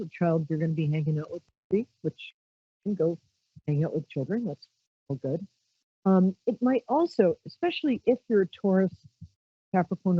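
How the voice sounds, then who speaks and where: A woman's voice: lowish voice, breathy edge, no echo, narrow, tinny audio. A woman from Brooklyn hosting a live psychic call-in show, chatty and self-mocking, breaking into squeals of delight. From Brooklyn, New York. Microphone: handheld mic held out.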